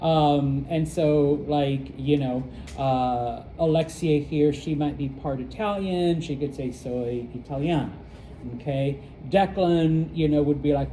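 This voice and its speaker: A middle-aged man from the United States teaching a casual classroom lesson, rambling with lots of fillers and quick check-ins. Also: a little high, dark tone, slight background noise, poor audio. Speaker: Spanish teacher.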